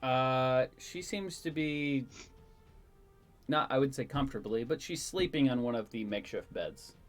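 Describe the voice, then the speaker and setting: A man running a tabletop game, describing scenes and calling for dice rolls in a halting way with plenty of fillers. His voice sits at a middling pitch, and faint music plays behind him. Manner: halting, with fillers, breaks off to thank donors. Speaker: dungeon master. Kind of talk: narrating a livestreamed tabletop game.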